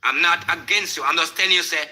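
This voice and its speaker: A man's voice: on the high side, fast, pushed and bright. A Jamaican man arguing in a live discussion, insisting that his words not be twisted. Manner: insistent, argumentative. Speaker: live stream participant.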